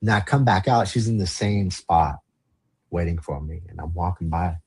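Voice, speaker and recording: Low and raspy, a bit mellow, this man speaks at a moderate pace as a guest on a podcast, sharing candid stories in a casual, rambling way. He hails from the San Fernando Valley in Los Angeles, curses freely, and fills his speech with "like" and "you know."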